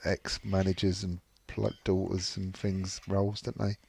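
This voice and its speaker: A man's voice: deep voice, little pitch movement, measured pace, gravelly, darkish tone, a little hiss or hum. A man co-hosting a casual football podcast, making wry, teasing asides. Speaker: podcast co-host.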